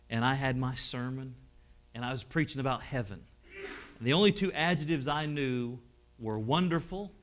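A middle-aged male preacher with a drawl and a bright, forceful voice. He tells stories from the pulpit, rising to loud, exclaiming peaks and then dropping to hushed, heartfelt lines. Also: mid-range voice. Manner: storytelling, swings from loud exclamations to hushed emotional tones. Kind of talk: sermon.

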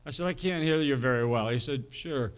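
A man's voice: mid-range voice, brisk, smooth. A middle-aged man preaching, telling a rambling, folksy anecdote with self-amused laughs. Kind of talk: storytelling sermon.

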